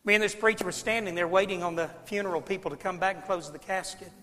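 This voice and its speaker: A middle-aged man preaching, telling a story in a folksy, dramatic way that swings from hushed to loud. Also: high-pitched, fast. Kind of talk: sermon storytelling. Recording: long hall reverb, faint music.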